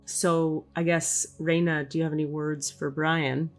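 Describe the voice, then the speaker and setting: A woman hosting a podcast, speaking softly and reflectively, with frequent hums and sighs as she channels a spirit. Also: low voice, level tone, a little slow, faint music behind. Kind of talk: casual podcast talk.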